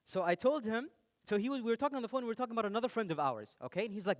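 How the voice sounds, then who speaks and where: Animated young man giving a stage talk. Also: high voice, racing. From United Arab Emirates. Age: young adult. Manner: animated, playful, addresses the audience directly. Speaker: speaker. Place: stage before an audience.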